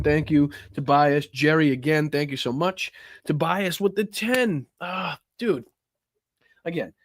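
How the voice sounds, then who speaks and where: A man's voice: medium pitch, no room sound. A man with a Boston accent hosting a live stream, chatting casually, swearing now and then and thanking viewers by name.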